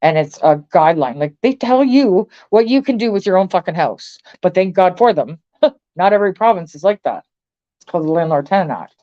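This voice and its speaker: A woman's voice: fairly low pitch, lively intonation, brisk, warm tone, muffled recording. A woman from Canada, ranting to her viewers in a blunt, profane, filler-heavy way. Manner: blunt and profane, frequent swearing and filler words. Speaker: vlogger. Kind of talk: angry political rant to camera.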